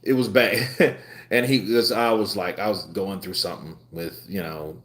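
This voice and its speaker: A man's voice: deep voice, fairly even intonation, moderate pace, a bit bright. A man in his twenties hosting a live stream, chatting casually and telling rambling stories with frequent laughter. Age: 20s. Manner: laid-back, laughs often, rambling anecdotes. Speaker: livestream host. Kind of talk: casual live commentary and storytelling.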